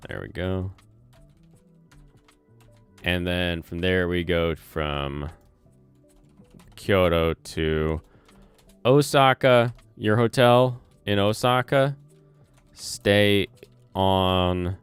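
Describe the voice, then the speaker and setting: A low-voiced man with a faint Southern twang chats slowly on a livestream, wandering through thoughts and correcting himself as he types. His voice is very clear and dry on a close mic, with soft lo-fi music and typing faintly behind. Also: no room sound. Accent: slight Southern US twang. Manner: rambling, self-correcting, reads chat aloud. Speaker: streamer and channel host. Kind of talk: casual livestream chat while planning. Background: soft lo-fi music and keyboard typing.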